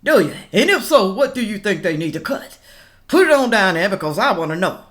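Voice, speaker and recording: Lady vlogger going off at her viewers, pitch jumping all over, laughing in between rants. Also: fairly quick. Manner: animated, ranting, talks straight to viewers. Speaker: political reaction vlogger. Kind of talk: casual reaction commentary.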